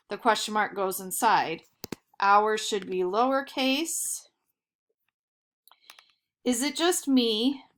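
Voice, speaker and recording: A young woman teaching sixth graders, slowly and carefully explaining quotation punctuation and reading example sentences aloud. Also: medium pitch, a bit bright. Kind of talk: screen-recorded grammar lesson.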